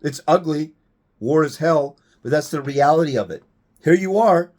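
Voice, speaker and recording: A man's voice: on the high side, normal speed, a little mellow. A man giving a blunt, profane, combative rant to camera as a fathers' rights advocate, firing off rhetorical questions.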